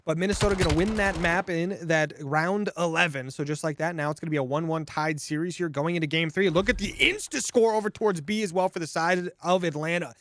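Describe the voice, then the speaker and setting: A man giving energetic, joking play-by-play as co-caster of a competitive shooter match. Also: on the high side, brisk, hardly any pauses. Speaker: esports co-caster. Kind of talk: excitable play-by-play commentary.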